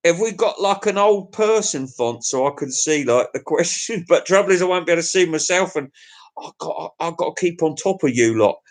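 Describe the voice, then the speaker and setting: Rambling crude English bloke, high voice. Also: male voice, expressive, fairly quick. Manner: rambling, crude, chuckling to himself. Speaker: livestream host. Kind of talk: casual chat to viewers.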